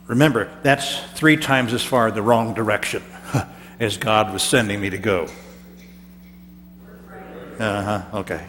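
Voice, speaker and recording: A pastor preaches a first-person character sermon, chatting theatrically with the congregation and often stammering over his words. His mid-pitched voice carries a long church-hall reverb, with a faint hum underneath. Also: a bit bright.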